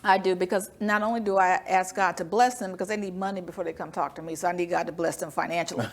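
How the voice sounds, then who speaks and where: A woman guest in a business interview, telling lively stories and acting out the dialogue. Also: fairly low pitch, fast. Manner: animated storyteller, acts out dialogue, laughs often. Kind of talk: storytelling interview talk. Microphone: studio microphone.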